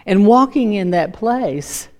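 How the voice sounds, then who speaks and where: A woman's voice: mid-range voice, animated, slow, a little mellow. A woman preaching a sermon, emphatic and repeating her key lines.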